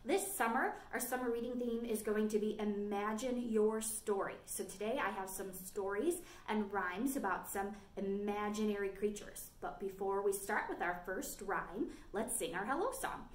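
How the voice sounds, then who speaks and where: A woman children's librarian leading a virtual storytime, talking clearly and encouragingly to small kids. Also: medium pitch, moderate pace, hardly any pauses. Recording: echoey room.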